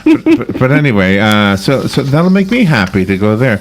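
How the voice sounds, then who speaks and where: Animated, chatty male radio host. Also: mid-range voice, moderate pace, a little hiss or hum. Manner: chatty, rambling, self-interrupting. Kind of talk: casual radio interview.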